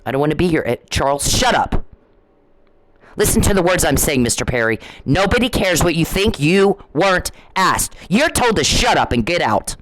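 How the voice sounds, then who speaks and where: A woman's voice: deep voice, big pitch swings, moderate pace, low-quality recording. Scolding middle-aged woman ranting. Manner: confrontational, scolding and repetitive. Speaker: vlogger. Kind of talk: ranting monologue to camera.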